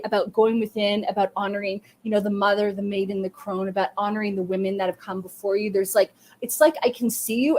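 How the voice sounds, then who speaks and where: Woman host giving live psychic readings; soft, effusive, emphatic, fillers throughout, mid-range pitch. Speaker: psychic medium and podcast host. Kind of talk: live-streamed intuitive reading.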